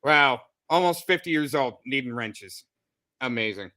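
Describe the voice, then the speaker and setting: A man's voice: medium pitch, lively intonation, unhurried, pushed and bright. A man commenting on a livestream in a sarcastic, mocking tone. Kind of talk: casual livestream chat.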